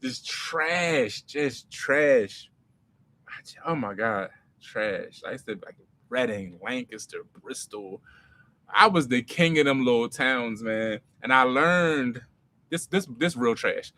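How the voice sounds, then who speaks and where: Bright-voiced man telling stories. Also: mid-range voice, slow pace. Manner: animated, slangy, swings loud and soft. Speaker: comedy writer and creator. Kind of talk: casual storytelling Q&A.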